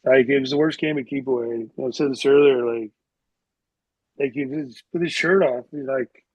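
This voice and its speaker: This middle-aged former hockey player has a husky, mid-range voice and talks at normal speed. Guesting on a podcast, he rambles through casual anecdotes with lots of filler words. The sound is dull, dry, and lo-fi, with no echo.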